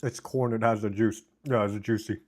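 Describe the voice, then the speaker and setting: A man's voice: lowish voice, fairly even intonation, moderate pace, darkish tone. A man live-streaming from home, chatting casually and reading chat aloud while eating, on a desk mic. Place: home, indoors. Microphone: desk mic with noise cancellation.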